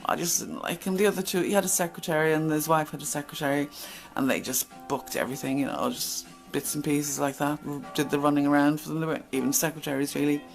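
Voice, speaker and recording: A woman's voice: sits low, steady tone, fast talker, gravelly, few pauses, soft background music, rough recording. A middle-aged woman telling stories from her past in a casual, blunt monologue. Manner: chatty, blunt, acts out quoted exchanges. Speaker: channel host.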